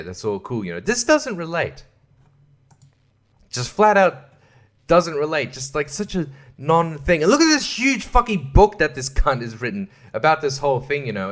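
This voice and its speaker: A man hosting a solo podcast, ranting with lots of swearing, frequent laughter and hushed asides. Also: fairly high pitch. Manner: profane, ranting, laughs often. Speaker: podcast host.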